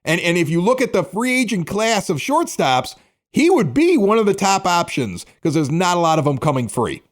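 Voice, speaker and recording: Male podcast host, higher-pitched, opinionated and emphatic, casual sports chat. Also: sing-song, normal speed.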